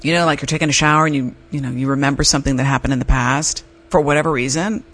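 A woman's voice: a bass voice, steady tone, very fast, fairly bright tone. A middle-aged woman hosting an advice podcast, telling a personal story in a chatty, candid way. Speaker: podcast host. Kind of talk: casual advice monologue.

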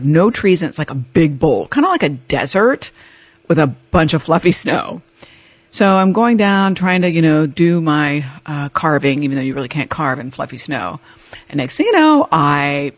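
A woman's voice: low-pitched, no echo. A middle-aged woman hosting a podcast, telling a personal story in a chatty, self-mocking way with many fillers. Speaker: podcast host. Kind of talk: casual storytelling monologue.

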